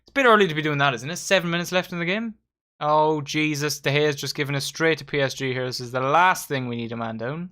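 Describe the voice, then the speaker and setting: Young lad doing a football watchalong, swears loads, gets worked up, bright voice. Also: male voice, fairly high pitch, quick pace. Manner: excitable, swearing, addresses viewers as lads. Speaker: watchalong host. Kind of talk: live match commentary.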